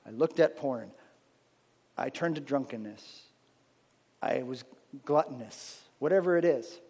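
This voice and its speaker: A man's voice: medium pitch, measured pace, vocal fry, darkish tone, slightly rough, long reverb tail. A married man with children, preaching a sermon in a conversational way and often checking in with "right?". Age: adult, married with children. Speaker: pastor.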